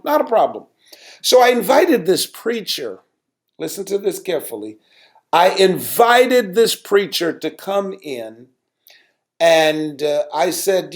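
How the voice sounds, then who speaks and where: A middle-aged man, a pastor, telling a story from his ministry in an animated way, repeating words and rising sharply when he recalls his anger. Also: high-pitched. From United States. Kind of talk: storytelling sermon talk.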